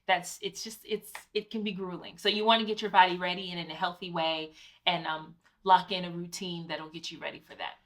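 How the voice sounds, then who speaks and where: Woman, bright voice, casual conversational co-host, anecdotal. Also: lowish voice, level tone, a little fast. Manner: conversational, advice-giving, personal anecdotes. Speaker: co-host, Broadway actor. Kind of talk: casual chat.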